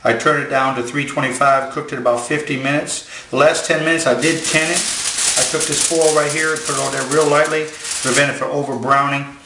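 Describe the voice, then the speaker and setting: A man's voice: on the high side, fairly even intonation, fairly quick, bright, forceful tone, roomy sound, a little hiss or hum, rough recording. A man hosting a home cooking demonstration in his kitchen, talking in a folksy, down-home way as he walks through a recipe. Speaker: chef, cooking show host.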